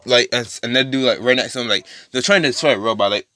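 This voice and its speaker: A man's voice: mid-range voice, very fast, few pauses, pushed and bright, no echo, studio quality. A man casually retelling a fan story in a rambling, profane way, full of fillers and restarts.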